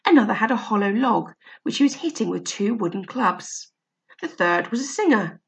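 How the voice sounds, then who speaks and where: A woman reading a children's story aloud in a steady, expressive way. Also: medium pitch, normal speed, gravelly. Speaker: narrator.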